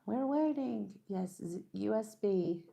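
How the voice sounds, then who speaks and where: A woman's voice: mid-range voice, expressive, slow, creaky, dark tone. A middle-aged woman hosting a craft show, chatting casually and laughing as she works. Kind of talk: casual chat while crafting.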